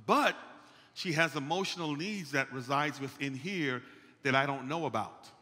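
A man's voice: medium pitch, moderate pace. A man preaching a playful, conversational sermon, calling out to the congregation. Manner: animated, playful, calls out to the congregation. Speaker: pastor. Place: church sanctuary. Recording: long church hall reverb.

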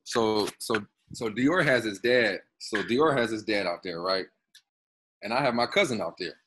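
A man's voice: on the low side, noisy background. A man, a pro basketball player, telling loose, slangy stories as a podcast guest, swearing freely and repeating himself. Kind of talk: casual storytelling.

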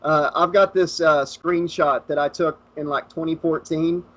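A man's voice: fairly high pitch, steady tone, a little slow, fairly bright tone, dull audio. Joking man hosting a casual podcast. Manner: profane, joking, laid-back. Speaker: podcast host. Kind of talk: casual chat.

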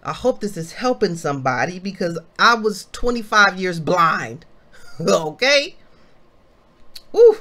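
Woman leading bible study, talks slow with lots of ups and downs, preachy questions and woos. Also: lowish voice, fairly bright tone. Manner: exhorting, asks questions and answers them, exclaims. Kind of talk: informal Bible study teaching.

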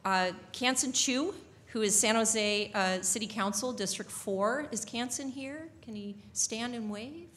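Bright woman addressing a dinner crowd. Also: on the high side, a little hiss or hum. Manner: warm, halting, with many fillers. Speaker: board member introducing the event. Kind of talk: speaking to a dinner audience. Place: banquet hall.

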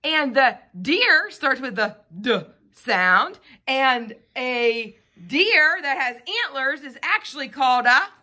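A woman teacher gives a phonics lesson to a young child, her bright voice swooping up and down a lot as she patiently sounds out each letter. She talks slowly and sits a little high in pitch. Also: lively intonation.

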